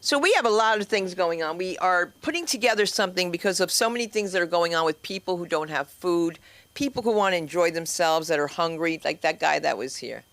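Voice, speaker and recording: A woman comedy teacher hosting an open mic from the stage of a small club. She talks bluntly and brashly, swears freely and rolls quickly from one anecdote into the next. Her voice is bright and forward on a handheld mic. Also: on the low side, animated, dry recording. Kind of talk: open-mic stand-up banter.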